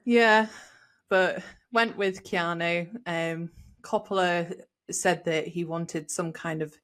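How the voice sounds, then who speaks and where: A woman hosting a podcast, chatting in an animated way and laughing often as she reviews a film. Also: on the low side, slow. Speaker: podcast host. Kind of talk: casual film review chat.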